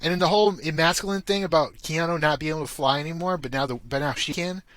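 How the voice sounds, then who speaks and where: A man co-hosting a podcast, talking in casual chat and mocking with quick put-on quotes. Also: fairly high pitch, no echo. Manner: animated, profane, mocks with put-on quotes. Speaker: podcast co-host.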